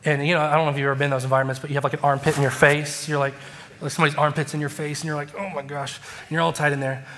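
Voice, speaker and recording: Man, pastor, sermon, animated storytelling, voices his quoted lines, slightly high voice. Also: racing, a little hiss or hum. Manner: animated, acts out quoted dialogue.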